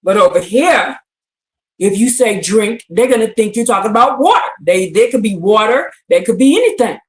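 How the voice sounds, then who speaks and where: An American woman teaches scripture on a casual indoor livestream, answering chat, repeating her points emphatically and often asking "you see what I'm saying?" to check in with listeners. Her medium-pitched voice is animated at a normal speed, with a roomy echo.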